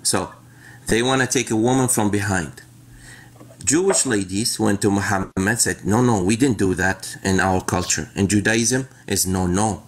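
Host: man, low voice, animated, jokes and repeats himself. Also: normal speed, a little hiss or hum. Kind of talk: casual group chat.

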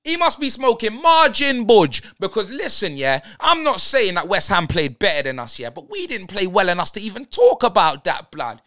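A man's voice: sits high, very animated, moderate pace, hardly any pauses, bright, forceful tone. A young man, hosting a football fan channel and ranting through player ratings in heavy slang.

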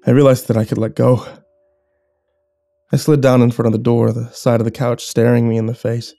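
Mellow-voiced man narrating horror. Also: medium pitch, dry recording, studio quality. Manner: measured, hushed and tense. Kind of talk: scripted first-person horror narration.

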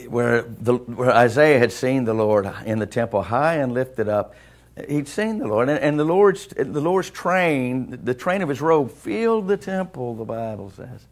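A man preaching a sermon in a church, in a conversational way that keeps asking the congregation questions. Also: medium pitch. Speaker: pastor. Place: church sanctuary.

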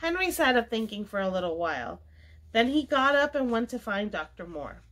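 Library read-aloud, woman narrator, expressive and lively pitch. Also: moderate pace. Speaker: library storytime reader. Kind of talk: reading a children's book aloud.

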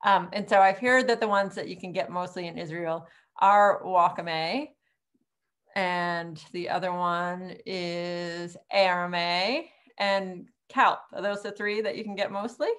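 A woman's voice: on the low side, fairly even intonation, measured pace, fairly bright tone. A middle-aged woman teaching an online cooking class in a chatty, rambling way, with frequent ums and laughs.

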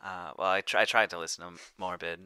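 A man's voice: deep voice, steady tone, fast talker, pushed and bright, smooth, no room sound. A man co-hosting a casual book podcast, joking and bantering with his brother. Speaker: podcast co-host.

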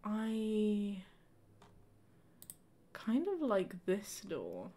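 Animated woman telling a story. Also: mid-range voice, moderate pace. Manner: animated storyteller, laughs often. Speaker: gaming streamer co-host. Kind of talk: casual chat while playing.

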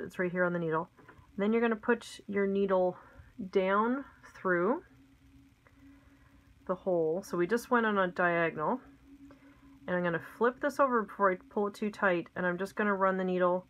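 A woman's voice: lowish voice, fairly bright tone, muffled recording. A middle-aged woman giving a casual, step-by-step craft lesson at her desk at home, chatty and homey with frequent ums and asides. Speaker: craft tutorial host.

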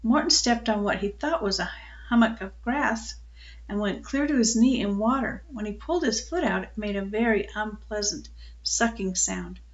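An older woman reading a children's book aloud, telling it in a calm, unhurried way with small slips. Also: medium pitch, dull audio. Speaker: storyteller.

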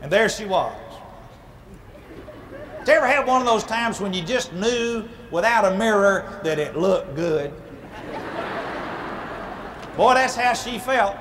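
A man, a humorist minister telling an animated, playful comic story at a live speaking event. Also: sits high, a little slow, pauses often, a little hiss or hum. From Southern United States. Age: 40s.

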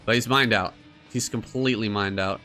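Excitable, foul-mouthed man commentating a game. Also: fairly low pitch, a little fast, soft background music. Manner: excitable, swearing, mocking, laughing often. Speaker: gaming streamer. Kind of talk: casual gameplay commentary.

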